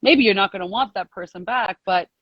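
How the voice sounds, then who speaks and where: A woman's voice: medium pitch, brisk, dry recording. A woman telling her story on a live call in a chatty, rambling way, filled with "like"s and easy laughter. Her sound is dull and lo-fi, with a close, dry feel and no room around it. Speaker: guest sharing a success story.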